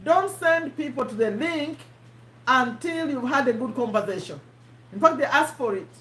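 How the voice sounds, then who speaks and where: Woman host, high voice, live stream teacher, repeats herself, echoey room. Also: expressive, normal speed, pushed and bright. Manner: chatty, repeats herself, quizzes her audience. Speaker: host teaching online marketing.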